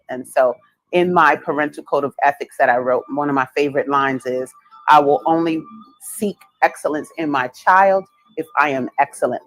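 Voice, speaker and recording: A woman's voice: a bass voice, poor audio. A woman, an author, speaks earnestly and instructively in a played video clip.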